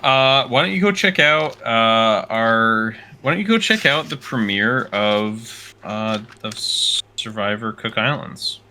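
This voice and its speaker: A man co-hosting a casual TV reaction chat, with a very bright, sharp edge to his voice. He talks haltingly, full of fillers and restarts, and laughs often. His pitch sits in the middle range. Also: expressive, a little hiss or hum. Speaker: co-host of a reaction show.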